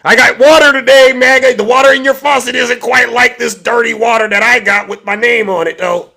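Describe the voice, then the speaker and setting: A man's voice: steady tone, brisk, vocal fry, bright, forceful tone, heavily acted. A man putting on a mocking impression of a boastful older salesman pushing overpriced goods on his fans. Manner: boastful, wheedling sales pitch. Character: boastful older male salesman hawking merch.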